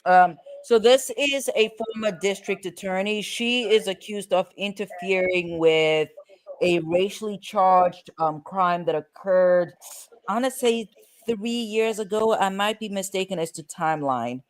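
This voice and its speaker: A man's voice: sits high, unhurried, clear, resonant tone. A man hosting a casual show about court cases, chatty and rambling with fillers and restarts. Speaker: host.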